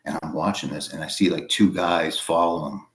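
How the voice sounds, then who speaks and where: Deep-voiced man telling a rambling story. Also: steady tone, fairly bright tone. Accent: Boston. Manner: rambling, halting, full of fillers. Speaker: podcast guest. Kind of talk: casual storytelling.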